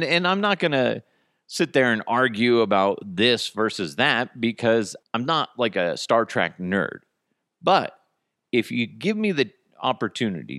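Clean studio sound with no room tone captures a medium-pitched, slightly bright male voice. He's a thirty-something hosting his own casual podcast on headphones and a studio mic, meandering and cursing while mocking himself.

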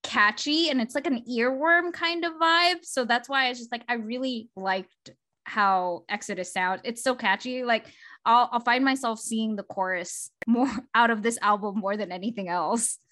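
A bright, forceful young woman co-hosting a casual podcast chat. She talks with eager enthusiasm, a little higher than most, with plenty of fillers and restarts. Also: normal speed. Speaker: podcast co-host.

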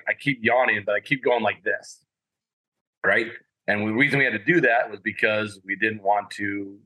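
A man with a lowish, bright and forceful voice tells long stories as a podcast guest. He rambles, piles on fillers and gets animated. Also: rough recording. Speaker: podcast guest, former college walk-on athlete. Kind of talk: casual storytelling.

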